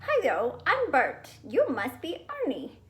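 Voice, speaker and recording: Silly chatty little boy, singsongy and way up high, woman putting it on. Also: huge pitch swings, slow pace, a bit bright, roomy sound, full character voice. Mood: singsong.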